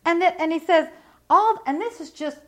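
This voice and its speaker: A middle-aged woman preaching a sermon with fervent conviction, swinging from quiet reflection to loud emphatic bursts. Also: very high-pitched, moderate pace.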